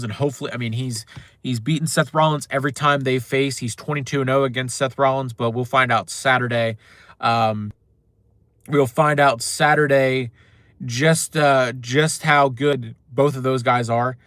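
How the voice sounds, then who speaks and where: A young man hosts a casual live show, answering viewer comments as they come in and rambling through frequent fillers and restarts. His voice is bright and forward, at an average pitch for a man. The sound is dry and close, with no room around it. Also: steady tone, moderate pace, no room sound. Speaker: show host. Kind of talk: casual livestream chat reading comments.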